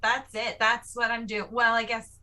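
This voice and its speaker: Woman player, casual tabletop talk, bright voice, deliberate. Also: on the high side, little pitch movement.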